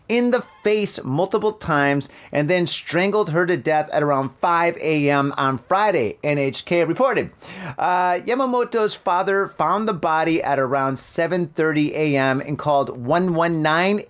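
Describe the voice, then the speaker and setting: A man hosting a podcast, reading news stories and riffing on them in an animated, profane, joking way. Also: a little high. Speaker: podcast host. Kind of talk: casual news commentary.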